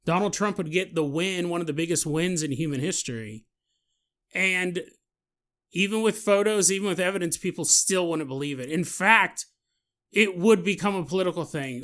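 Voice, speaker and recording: Chatty high-voiced male podcast host. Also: moderate pace. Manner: chatty, laughing, animated asides. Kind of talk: casual storytelling monologue.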